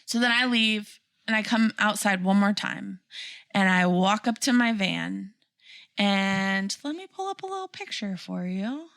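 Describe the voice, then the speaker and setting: Podcast co-host, woman in her thirties, gravelly, dry close sound, lively storyteller. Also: mid-range voice, unhurried, no echo. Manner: animated, laughing storyteller. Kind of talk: casual chat, storytelling.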